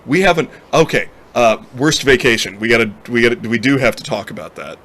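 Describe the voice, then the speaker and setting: A man's voice: mid-range voice, lively intonation, a little fast, fairly bright tone. A man in casual podcast chat, joking in a crude, easygoing way.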